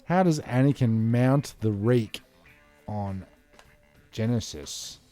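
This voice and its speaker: A man in casual podcast banter, cheeky and quick with crude jokes. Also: medium pitch, expressive, dark tone, soft background music.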